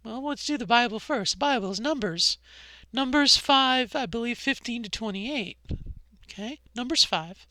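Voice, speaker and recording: A middle-aged woman vlogging a personal monologue, impassioned and conversational, often checking in with a quick "okay?". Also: on the high side, expressive, sharp tone, no echo.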